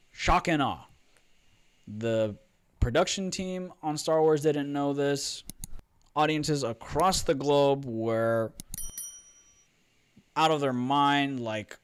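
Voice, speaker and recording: Slow, clear-voiced male film host. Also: medium pitch, lively intonation. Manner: enthusiastic, playful, with frequent fillers. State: slightly hoarse. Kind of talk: casual film commentary. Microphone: studio microphone.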